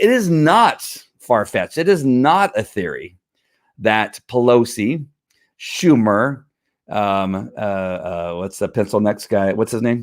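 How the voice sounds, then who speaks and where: A man hosting a live opinion stream, talking in a fired-up, rambling way, often restarting his sentences and answering comments from viewers. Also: lowish voice. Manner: fired-up, talks back to critics, many restarts. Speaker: livestream host. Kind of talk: casual opinion livestream.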